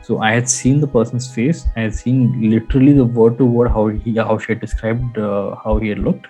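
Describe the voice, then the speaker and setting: A man with a low, husky, mellow voice rambles through a personal story on a podcast, restarting sentences as he goes. Faint music sits behind him. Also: fairly even intonation, normal speed, poor audio. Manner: rambling, with many fillers and restarts. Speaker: podcast co-host.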